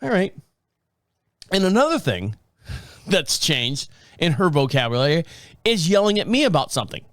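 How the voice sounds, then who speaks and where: A man's voice: on the high side, sing-song, normal speed, pauses often, a bit bright, no echo, studio quality. Foul-mouthed middle-aged man rambling casually. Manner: foul-mouthed, laughs often, acts out quotes. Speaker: podcast host.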